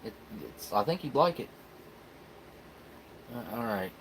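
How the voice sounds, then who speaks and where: A man's voice: mid-range voice, animated, unhurried, a little hiss or hum. A man, hosting a casual live stream where he tastes food and chats with viewers in a laid-back, rambling way. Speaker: live stream host reviewing military rations.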